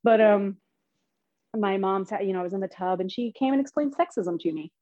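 A woman telling personal stories in casual chat, animated and swearing freely, laughing as she goes. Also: mid-range voice, brisk, no room sound, muffled recording. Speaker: podcast guest. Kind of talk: casual storytelling.

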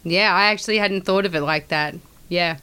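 A woman's voice: on the low side, bright, forceful tone, clear, resonant tone. Woman guest on a movie podcast, chatty, lots of yeahs, swears casually. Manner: chatty, quick agreements, swears casually, laughs often. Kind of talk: casual movie review chat.

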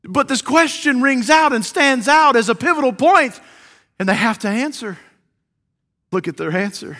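A man preaching a sermon, swinging between loud, ringing cries and hushed, quiet questions. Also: extremely high pitch, lively intonation, a little slow.

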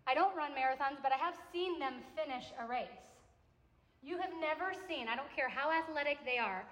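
A young adult woman preaching a sermon to a campus ministry gathering, in a conversational, animated way that acts out little quotes. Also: high voice, fairly quick. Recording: echoey hall with long reverb.

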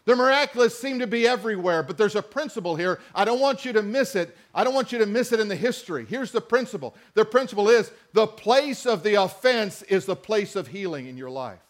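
A man's voice: high voice, lively intonation, a little fast, few pauses. A man preaching a sermon, reading scripture and mixing in conversational asides and questions to the congregation. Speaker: pastor.

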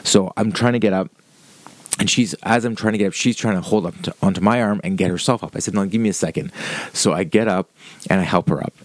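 Low-voiced man rambling through a profane story. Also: quick pace, dry recording. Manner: rambling, profane, with frequent fillers. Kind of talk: casual anecdote telling.

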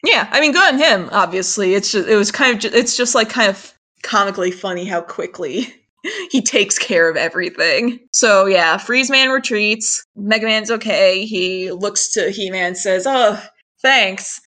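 A woman chats through an episode recap in a bright, clear voice. She talks in loose, rambling runs full of fillers and laughs easily. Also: mid-range voice, normal speed. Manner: chatty, laughs often, lots of fillers. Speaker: podcast co-host. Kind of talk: casual anime recap chat.

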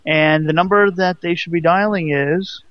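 A man's voice: a little high, steady tone, muffled recording. A man co-hosting a casual radio show, joking and cutting in with questions. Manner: joking, interrupting, quick questions. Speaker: radio co-host.

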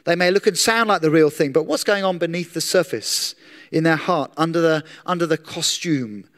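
A man's voice: a little high, fairly bright tone. Earnest male preacher in a reverberant hall. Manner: earnest, conversational preaching with emphatic slowed words. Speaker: pastor. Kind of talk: sermon.

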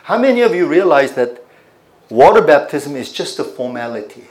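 A man with a fairly high voice preaches a teaching sermon, stopping often to put questions to his listeners. The recording carries the roomy echo of a church sanctuary. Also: very animated, moderate pace, darkish tone. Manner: teaching, asks the congregation questions. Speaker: pastor.

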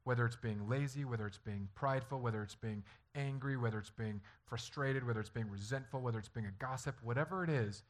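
A man's voice: mid-range voice, quick pace, hardly any pauses. A man preaching a sermon as a pastor, talking earnestly and conversationally and acting out stories from family life.

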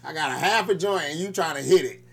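A man with a somewhat high voice tells blunt, profane stories in casual podcast chat. He talks loosely and swears freely. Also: fast talker, gravelly, breathy edge. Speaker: podcast co-host.

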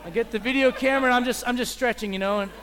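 A visiting preacher, a man giving a sermon in an animated, joking way, acting out little scenes. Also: very high-pitched, very fast, noisy background. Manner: animated, joking, acts out voices.

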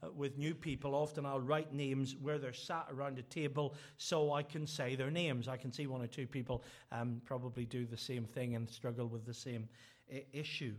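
A man's voice: mid-range voice, fairly even intonation, moderate pace. A middle-aged man from Ireland, preaching a sermon with earnest, emphatic repeated phrases. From Northern Ireland.

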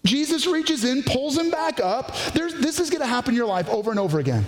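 High-voiced preaching man in an echoey hall. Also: sing-song. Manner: passionate preaching, shifting between rapid bursts and slow emphatic phrases. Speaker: pastor. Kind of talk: sermon.

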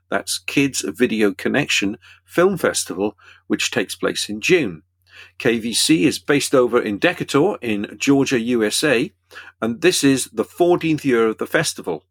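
A man co-hosting a film podcast, reading the news in a brisk, announcer-like way with dry wit. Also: mid-range voice, fairly bright tone, slightly rough, no room sound. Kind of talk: scripted news reading with banter.

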